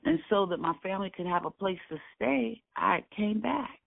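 Recalling his family's past, this older Brooklyn man speaks at normal speed in a high, creaky voice with lively intonation. The interview audio is dry and tinny, like a phone line, with no echo, and he is earnest and emphatic, repeating key phrases.

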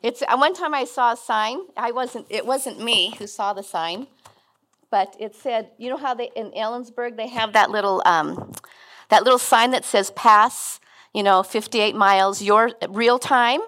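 A woman's voice: on the high side, unhurried, a bit bright. A middle-aged woman giving a sermon as guest speaker, conversational and earnest with frequent restarts.

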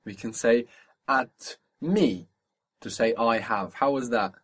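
A man's voice: medium pitch, normal speed, breathy edge. Patient male language teacher drilling phrases. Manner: patient, repeats each answer back and explains pronunciation. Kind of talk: spoken language lesson, drilling a student.

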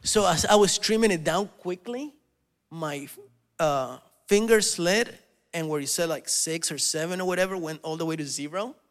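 A man preaching a sermon as pastor, animated and telling stories, often acting out the voices of people he quotes. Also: fairly high pitch, normal speed. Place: church hall. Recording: long reverb of a hall.

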